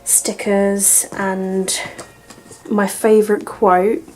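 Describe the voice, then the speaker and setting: Filming an unboxing and book haul, this young British vlogger is excitable and effusive, sometimes lowering to a breathy whisper of delight. She speaks in a mid-range voice, drawing out her words, over faint music in a rough recording.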